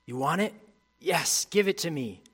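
A man delivers a sermon as pastor. He reads scripture aloud and builds in intensity. Then he drops to a quiet, reflective tone. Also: a little high, lively intonation, a little slow, husky.

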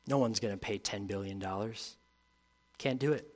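A man, preaching a sermon as pastor. He reads scripture aloud, building in intensity, then drops to quiet reflection. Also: fairly low pitch, normal speed.

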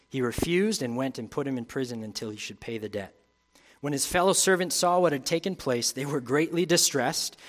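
A man, preaching a sermon as pastor. He reads scripture aloud, building in intensity, then drops to quiet reflection. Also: a little high.

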